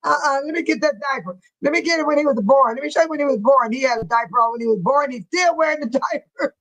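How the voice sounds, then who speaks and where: A woman, hosting a casual live chat, reading viewer comments aloud and laughing loudly in folksy slang. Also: high voice, fast talker, low-quality recording. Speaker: livestream host.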